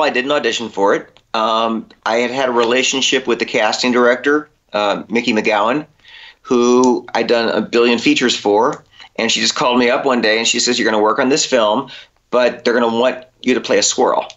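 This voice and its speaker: A man's voice: medium pitch, fairly even intonation, a little fast, fairly bright tone, highs cut off. A man, a voice actor, telling a story in a podcast interview and acting out the dialogue he quotes. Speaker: voice actor guest.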